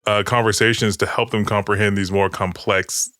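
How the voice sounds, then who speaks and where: A man co-hosting a podcast talks in a loose, rambling way, restarting his sentences and swearing often. His voice sits low. It is recorded close and dry. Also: level tone, moderate pace, bright, forceful tone, no room sound. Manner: rambling, with many restarts and profanity. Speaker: podcast co-host. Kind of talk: casual chat.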